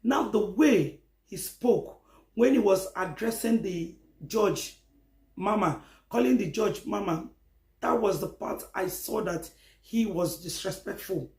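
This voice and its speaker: High-voiced Nigerian man, gravelly and echoey. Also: slow, darkish tone. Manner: emphatic, rhetorical, repeats points. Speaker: commentator. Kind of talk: opinion commentary vlog. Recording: echoey room.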